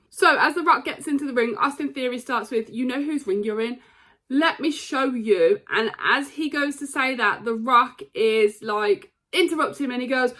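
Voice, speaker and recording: A young woman casually recapping a wrestling show, excitable, with lots of ums and quoted lines. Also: fairly high pitch. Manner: excitable, retells scenes with quoted lines and many fillers.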